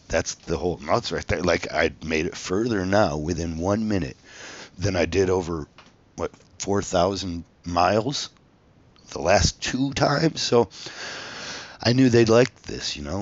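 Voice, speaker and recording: A man, a tattoo artist, telling a profane, animated story about his past in a casual monologue. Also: low-pitched, measured pace, highs cut off. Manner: profane, animated, reenacts his own outbursts. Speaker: tattoo artist and former reality show contestant.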